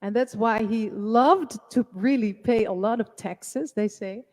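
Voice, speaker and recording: A woman presenting a live music talk, chatty and halting, with many fillers. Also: fairly high pitch, a little mellow, long reverb tail. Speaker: presenter and singer.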